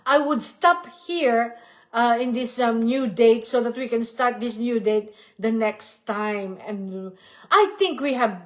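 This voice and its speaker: A woman leading a devotional study, explaining and repeating each point, often pausing to search for her words. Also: on the high side. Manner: halting, searching for words with many pauses and restarts. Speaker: Bible study leader. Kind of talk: devotional teaching.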